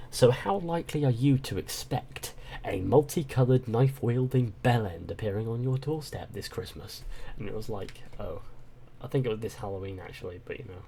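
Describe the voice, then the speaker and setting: A British man hosting a casual livestream chat, talkative and quick to swear and laugh. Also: lowish voice, gravelly, dark tone, slight background noise. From Britain. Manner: chatty, swears and laughs freely. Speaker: channel host.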